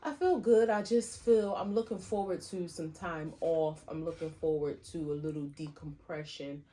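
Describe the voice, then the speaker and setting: A woman co-hosting a podcast in casual chat, chatty and quick to laugh. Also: low-pitched. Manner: chatty, laughs easily, loud-ish. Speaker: podcast co-host.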